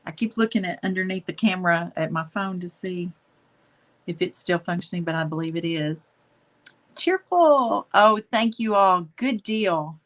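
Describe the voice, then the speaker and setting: A woman's voice: fairly low pitch, moderate pace. A woman hosting a live painting stream, chatting affectionately with viewers as she wraps up. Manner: warm, affectionate, chatty, says y'all. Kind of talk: casual live-stream chat.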